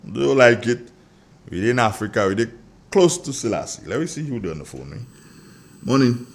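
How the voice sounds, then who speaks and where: A middle-aged man with a Grenadian accent hosting a morning radio show, chatty and joking as he sends shout-outs to listeners. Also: mid-range voice, sing-song, normal speed. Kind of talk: casual morning radio chat.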